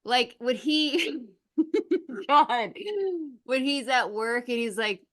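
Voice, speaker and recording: A woman chatting casually on a podcast about a film, animated and giggly, full of "like" and "um". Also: fairly high pitch, extremely slow, pauses often. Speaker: podcast guest. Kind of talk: casual movie-review chat.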